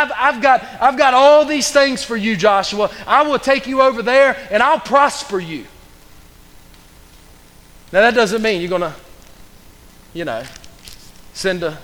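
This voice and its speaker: A man with a notably high voice preaching with fervor, repeating his points and swelling into loud outbursts. His words ring out with a long reverb tail, as in a church sanctuary. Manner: fervent, repetitive, building to loud bursts. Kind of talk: sermon.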